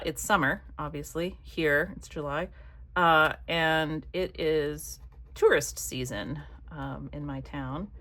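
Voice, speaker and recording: A woman chatting casually while she crafts, rambling from one thought to the next and dropping soft muttered asides. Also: deep voice. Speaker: craft vlogger.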